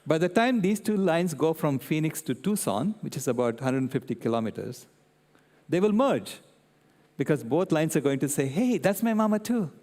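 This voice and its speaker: An older man giving a public talk, an animated storyteller who keeps checking in with his audience. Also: on the high side, moderate pace. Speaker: guest speaker. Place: convention centre hall. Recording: long reverb in a large hall.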